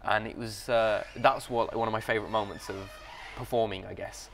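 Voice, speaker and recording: A man's voice: lowish voice, fairly even intonation, a little fast, creaky, fairly bright tone, faint music behind. A young man, an actor guest reflecting casually in an interview and laughing easily.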